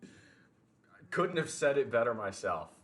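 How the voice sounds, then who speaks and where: A man's voice: mid-range voice, sing-song, takes it slowly, fairly bright tone, slight background noise, low-quality recording. A man with a Southern American accent chatting casually on a livestream, joking, teasing and answering his chat. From Deep South of the US.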